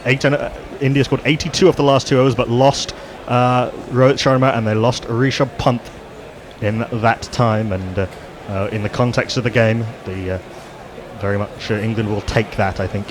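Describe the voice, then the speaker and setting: A man giving live ball-by-ball cricket commentary on radio. He describes the field and each delivery in steady, descriptive play-by-play. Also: mid-range voice, normal speed, slight background noise. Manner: steady descriptive play-by-play, rising on big moments.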